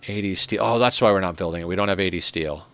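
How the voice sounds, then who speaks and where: Chatting casually while streaming a strategy game, a man speaks quickly in a low, smooth voice with a bit of brightness. At his desk microphone he spins a rambling tale, laughing along at his own story.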